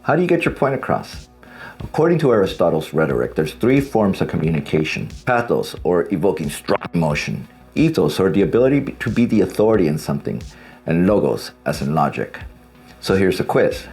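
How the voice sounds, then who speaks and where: A man's voice: sits low, a little mellow. A man giving blunt, casual advice as a divorce coach, speaking straight to his viewers and swearing freely. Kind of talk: direct-to-camera advice talk.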